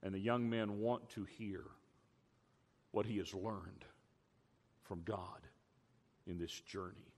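A man's voice: on the low side, a little mellow. Older man preaching in a reverberant hall. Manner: emphatic preaching, stretching key words slowly. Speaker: pastor. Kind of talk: sermon.

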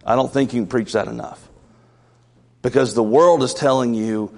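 Preacher guy, raspy-ish fry, chatty sermon, echo from the hall. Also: medium pitch, normal speed, long pauses, darkish tone. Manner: earnest, conversational preaching with asides and restarts. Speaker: pastor. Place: church sanctuary.

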